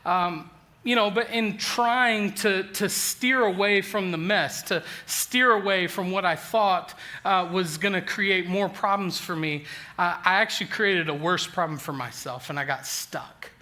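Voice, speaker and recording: A man in his forties preaching a sermon, telling a funny personal story with lively self-deprecating humor and frequent restarts. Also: high voice, unhurried. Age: 40s. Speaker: pastor.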